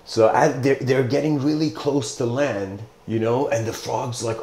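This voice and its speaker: A man's voice: medium pitch, unhurried, darkish tone, slight background noise. A man giving a casual lecture, rambling as he tells a story, with many fillers and restarts. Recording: roomy echo.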